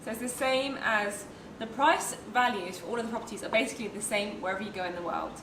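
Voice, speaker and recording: A woman's voice: medium pitch, quick pace. A woman co-hosting a casual unboxing chat, chatty and playful. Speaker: co-host. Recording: echoey room, mic at a distance, noisy.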